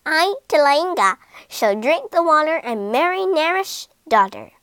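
A woman playing a tiny clever monkey from a storybook, speaking in a small, high, carefully polite voice. His words come slowly and evenly, and the recording is close and dry. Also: big pitch swings, a bit bright, dry recording, full character voice. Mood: confident.

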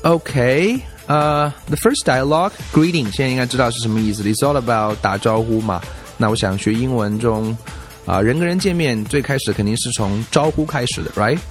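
A man teaching a lesson, explaining in a mix of Chinese and English and slowly repeating example phrases. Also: mid-range voice. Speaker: language teacher. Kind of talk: bilingual classroom explanation.

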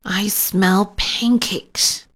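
A woman voicing an eager eight-year-old boy in a read-aloud storybook, in a bright, raised voice. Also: mid-range voice, steady tone, drawn-out words, breathy edge, exaggerated voice. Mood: excited.

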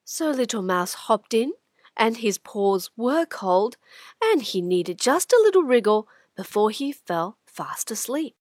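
A woman hosting and narrating a children's radio drama, animated and dropping to whispers for suspense. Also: on the high side, unhurried. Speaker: narrator and host. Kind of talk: expressive children's story narration.

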